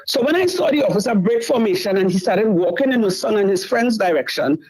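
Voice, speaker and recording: A woman's voice: medium pitch, lively intonation, brisk, a little mellow, breathy edge, low-quality recording. A middle-aged woman, telling a distressing story in a talk show and repeating herself as she goes. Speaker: caller. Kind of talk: emotional storytelling.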